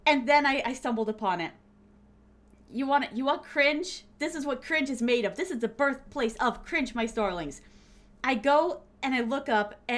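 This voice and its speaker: A young adult woman from Florida, chatting playfully with viewers on a stream and laughing often. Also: on the high side. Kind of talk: casual chat with viewers.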